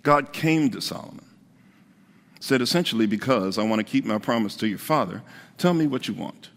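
A man's voice: mid-range voice, expressive, fairly quick, fairly bright tone, in a large hall. A man preaching a conversational sermon as pastor, repeating his key points for emphasis.

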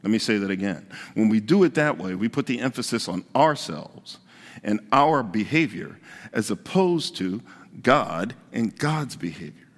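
A man's voice: lowish voice, lively intonation, normal speed, in a large hall. A man preaching a conversational sermon as pastor, repeating his key points for emphasis.

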